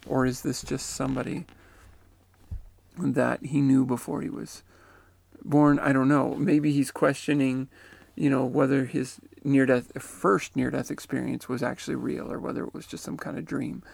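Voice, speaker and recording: A man's voice: mid-range voice, flat delivery, moderate pace, gravelly, a little mellow, no echo. A man retelling and reflecting on someone's near-death account in a musing, tentative way. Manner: musing and tentative, often unsure. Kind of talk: reflective spoken commentary.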